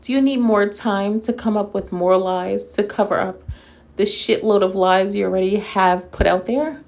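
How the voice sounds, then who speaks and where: A woman's voice: mid-range voice, steady tone, normal speed, vocal fry, darkish tone. A woman hosting a casual commentary video, talking straight to her audience as friends, with a sarcastic, mocking edge and frequent laughter. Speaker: commentary YouTuber.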